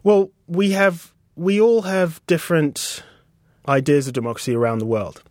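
A British man in his thirties, a designer being interviewed, speaking reflectively and haltingly with many restarts. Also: a little high, fairly even intonation, a little mellow, no echo, clean studio sound. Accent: British English. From England. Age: 30s. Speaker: guest designer. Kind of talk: casual interview conversation.

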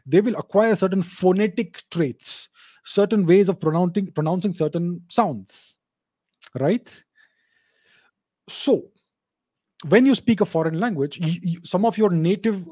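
A man's voice: high-pitched, mellow, slightly rough, dry recording, clean studio sound. A man, hosting his channel and answering viewer questions in an emphatic monologue that often repeats and restarts phrases. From India.

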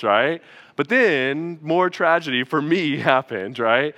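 A male pastor preaching a sermon in a relaxed, conversational way, with frequent asides to the congregation. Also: a little high, measured pace. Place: church.

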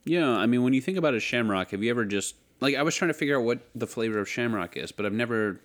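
A man's voice: mid-range voice, animated, fast talker. A man co-hosting a casual podcast chat, with dry, laid-back banter. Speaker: podcast co-host.

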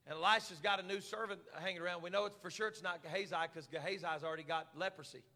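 A man preaching a sermon as pastor, stammering repeats and climbing into shouts. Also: sits high, fairly even intonation, fast talker. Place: church hall. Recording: live church hall reverb.

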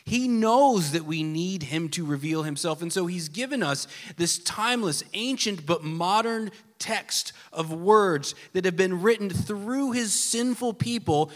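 A man's voice: high voice, animated, a little slow, few pauses. Earnest man preaching in a reverberant hall. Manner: earnest, swings between emphatic and hushed soft delivery. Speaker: pastor. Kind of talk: sermon. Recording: long reverb of a large hall.

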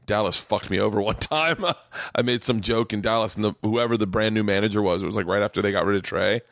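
A comedian hosting a podcast from a small home studio room recounts stand-up club stories in casual, profane chat, acting out quotes in a raised voice. He talks fast in a fairly low, gravelly, slightly bright voice, recorded at studio quality with no echo.

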